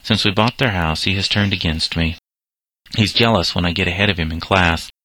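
Man doing a storybook schoolboy, plaintive, defensive, low, bright. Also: fairly quick, no echo. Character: schoolboy son, defensive and hurt.

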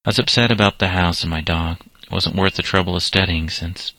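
Man voicing a subdued teenage boy, hesitant, deep voice, bright tone. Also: steady tone, brisk, no echo. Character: troubled teenage boy recovering in hospital.

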